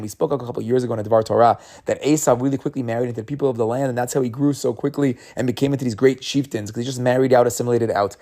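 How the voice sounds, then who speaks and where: A man's voice: medium pitch, fairly even intonation, racing, hardly any pauses, dark tone. A man giving a casual, conversational Torah talk, often restarting and repeating words as he retells the story. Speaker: Torah teacher.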